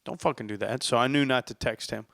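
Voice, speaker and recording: A man's voice: mid-range voice, quick pace, gravelly, a bit bright, no room sound, clean studio sound. A man hosting a casual solo podcast, venting about sports with heavy cursing and a worked-up, ranting manner. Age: adult, says he is older now. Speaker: podcast host.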